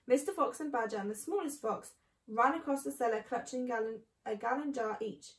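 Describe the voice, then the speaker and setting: A woman reading a children's book aloud, clear and measured. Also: a little high. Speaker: storyteller. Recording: echoey room.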